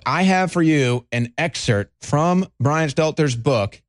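A man's voice: on the high side, lively intonation, slow, no echo, studio quality. A man hosting a talk show, giving rambling, conversational political commentary and speaking straight to his audience.

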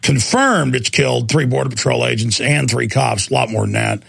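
A man's voice: mid-range voice, fairly even intonation, a little fast, creaky, a bit bright, dry recording. A man hosting a talk radio show, ranting in an impassioned, sarcastic monologue from a studio.

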